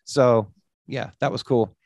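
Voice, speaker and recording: A male podcast host with a mid-range voice tells a story in casual conversation, taking it slowly. He's animated, swears freely and says "dude" a lot, and there's no echo.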